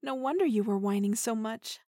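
A woman's voice: fairly high pitch, fairly quick, warm tone, no room sound, natural voice. A young woman playing a teasing, dominant female partner in an intimate audio role-play, giggling and slipping into half-whispers close to the mic.

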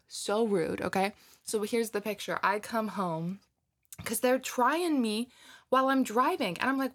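A twenty-year-old woman chatting casually to her listeners, telling a story in an animated way and swearing freely. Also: medium pitch, normal speed. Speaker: audio creator chatting with listeners. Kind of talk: casual rambling chat.

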